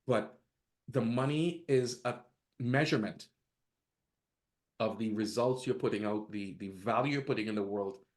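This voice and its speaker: A man's voice: lowish voice, normal speed, long pauses. A man speaking as a guest in a podcast interview, talking emphatically and firing off one rhetorical question after another.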